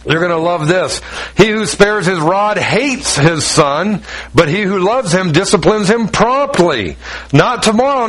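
High-voiced folksy male preacher. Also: fairly bright tone, poor audio. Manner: folksy, repetitive storytelling with emphatic asides. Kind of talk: sermon.

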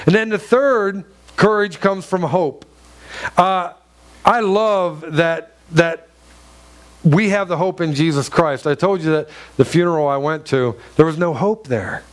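A man preaching a sermon in a church, earnest and emphatic, with many rhetorical questions and repeated phrases. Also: high-pitched. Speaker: pastor.

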